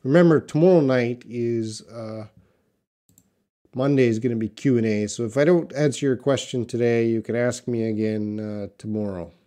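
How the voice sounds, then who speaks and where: Here a male English teacher streams live, picking questions from the chat and responding in an easygoing way, his thoughts spoken aloud and full of fillers. The pitch is medium and the speed normal.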